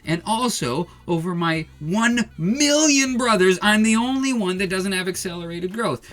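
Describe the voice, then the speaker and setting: A man voicing a resentful male bounty hunter who speaks in a loud, indignant outburst. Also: high voice, expressive, moderate pace, pitched above the performer's own voice.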